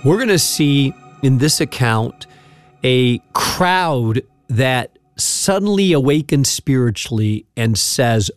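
A man from the United States preaches a sermon in a mid-range voice, taking it slowly over soft background music. Animated, he tells a personal story and acts out the voices in it.

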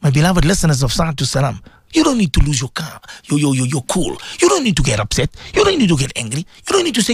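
Husky male radio preacher, lively pitch, dry close mic, sermon delivery. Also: fairly quick, dry recording. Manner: animated, rhetorical, acts out quoted voices.

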